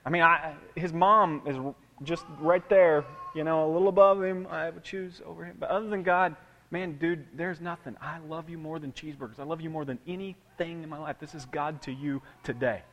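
A man preaching a sermon in a conversational way, swinging from loud repeated words down to hushed asides. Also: a little high, fairly even intonation, fairly quick. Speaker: pastor. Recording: long hall reverb.

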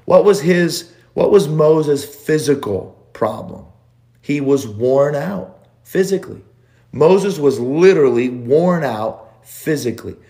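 A man's voice: fairly high pitch, expressive, dark tone. A man preaching a sermon, repeating phrases for emphasis. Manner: slow, drawn-out delivery with repeated phrases for emphasis.

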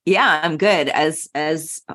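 A woman co-hosting a podcast with a cold that leaves her husky, wry and laughing in casual chat. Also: sits low, slow, a bit bright. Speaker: podcast co-host.

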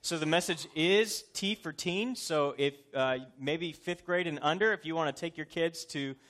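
A man's voice: a little high, normal speed, fairly bright tone. A man in his thirties, a pastor, preaching a sermon in a conversational, joking yet earnest way.

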